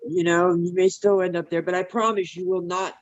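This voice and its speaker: A woman's voice: lowish voice, flat delivery, fairly quick, no echo, highs cut off. A woman in casual group chat, mostly murmuring agreement and slipping in dry teasing. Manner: short backchannels, dry teasing.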